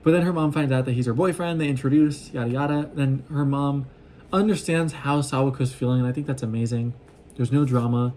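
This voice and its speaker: A man casually recapping a show in an excitable, rambling way, often acting out what the characters say. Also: medium pitch, fairly quick, slight background noise. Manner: excitable, gushing, acts out quoted lines. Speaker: vlogger recapping an anime.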